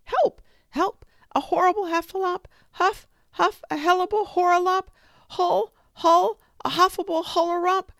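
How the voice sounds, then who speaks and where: A woman voicing a small, timid male piglet in a storybook reading, with squeaky, breathless, stammering cries. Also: steady tone, a little slow, vocal fry, fairly bright tone, dry recording, studio quality, heavily acted. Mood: panicked.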